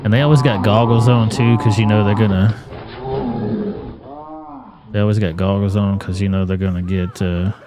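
A man's voice: fairly low pitch, little pitch movement, normal speed, pauses often, a crowd in the background. A man hosting a casual livestream, reacting to videos and reading chat with crude, blunt, profane talk. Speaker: livestream host.

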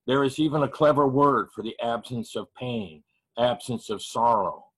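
A man reads spoken-word poetry over a video call, unhurried and measured. His delivery is heavy with grief, each phrase given room to land. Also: mid-range voice, fairly bright tone, low-quality recording. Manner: measured, heavy pauses, grieving. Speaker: poet reading at an open mic.

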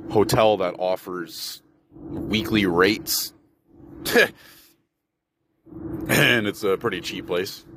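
A young man from Michigan with a lowish voice rambles through a story on his solo podcast, swearing freely and mocking the people in it. His talk runs loose and animated, and a clear hiss of background noise sits under the whole recording. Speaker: podcast host. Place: indoors, while driving. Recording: noisy background ambience.

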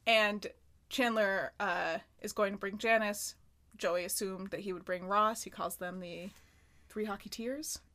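A woman's voice: medium pitch, steady tone, measured pace, fairly bright tone. A woman with a Western New York accent, co-hosting a podcast in casual chat, acting out characters' lines in loose impressions. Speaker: podcast co-host. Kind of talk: casual chat recapping a sitcom episode.

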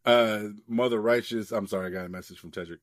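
A man's voice: fairly low pitch, steady tone, quick pace, no room sound, clean studio sound. A man co-hosting a podcast, casually recapping a comic book in a loose, rambling way, swearing freely and leaning on lots of fillers. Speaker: podcast co-host.

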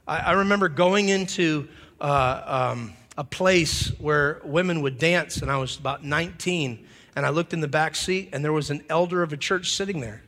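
A man preaching a humorous revival sermon, animated and often leaping into shouts. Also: a little high, normal speed. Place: church hall. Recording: long hall reverb.

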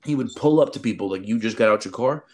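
A man telling stories in a casual chat, slangy and animated, acting out the people he quotes. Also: on the low side, quick pace. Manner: animated, acts out quotes in changed voices; slangy, says "bro" a lot.

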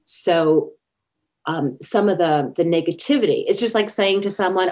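With a slightly mellow, lowish voice at a moderate pace, a woman guesting in an interview relates personal stories. She's sincere and plays out the quoted dialogue.

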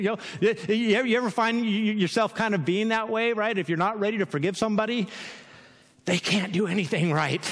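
A man's voice: high voice, big-room sound. A man preaching a sermon in a casual, conversational way, often checking in with "right?" and laughing now and then. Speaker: pastor.

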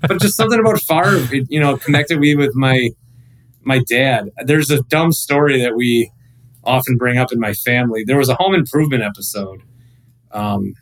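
A man in his thirties, a radio host guesting on a podcast, chatting casually and telling animated, rambling stories full of restarts. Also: medium pitch, low-quality recording.

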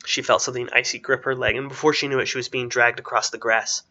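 A man narrating a fantasy story aloud in a steady storytelling manner. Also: medium pitch, fast talker, muffled recording.

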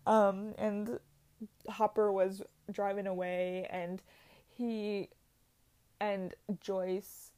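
A woman's voice: medium pitch, flat delivery, extremely slow, long pauses, mellow, clear, resonant tone. A young woman chatting casually and gushing, full of "like" and "um". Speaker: vlogger. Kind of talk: casual chat.

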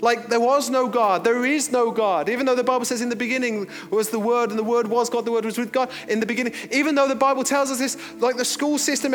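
High-voiced preacher in a reverberant hall. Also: male voice. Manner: chatty, joking, animated storyteller. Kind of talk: casual storytelling sermon. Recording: reverberant hall with faint music.

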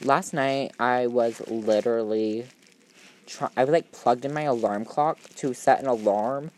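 In an unhurried mid-range voice, with a little hiss or hum on the recording, a young student rambles through his solo podcast. He gushes in a valley-girl drawl, constantly saying "like" and "oh my god," swearing casually, poking fun at himself and scattering across topics.

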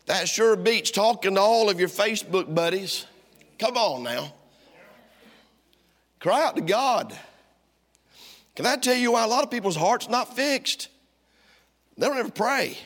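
A middle-aged male pastor preaching a sermon, swinging from loud, driving lines to hushed ones. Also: high voice, animated, unhurried, long pauses. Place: church sanctuary. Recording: long church reverb.

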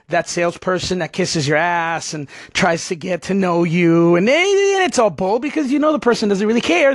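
Male podcast host, high voice, animated and chatty, laughs often, dry recording. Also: no echo. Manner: animated, chatty, laughs while telling stories. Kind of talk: casual storytelling chat.

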